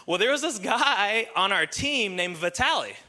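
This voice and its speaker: A young man preaching a sermon, telling a story with jokes and slipping into excited impressions. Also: high voice, moderate pace. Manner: animated, joking, breaks into excited impressions. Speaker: pastor.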